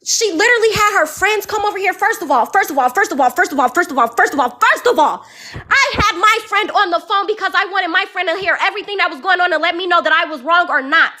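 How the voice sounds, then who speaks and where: A woman, venting about a roommate fight. She talks in a heated, repetitive rush that tips into yelling, her tone bright and sharp. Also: extremely high pitch, lively intonation, fast. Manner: heated, repeats phrases, rising to yelling. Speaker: caller venting on a live advice stream. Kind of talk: emotional venting story.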